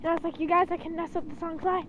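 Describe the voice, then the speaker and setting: A woman's voice: very high-pitched, level tone, rapid-fire, fairly bright tone. A young woman vlogging while walking outdoors, rambling casually with lots of "um" and "like". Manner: rambling, giggly, many "um"s and "like"s. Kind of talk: casual chat. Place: outdoors, walking on a town street. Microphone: handheld camera. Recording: muffled outdoor recording with street noise.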